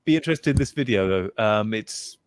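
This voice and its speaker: A man hosting a casual livestream over a video call, chatty and quick to laugh. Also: on the low side, lively intonation, dry recording. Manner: upbeat, chatty, laughs easily. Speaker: host.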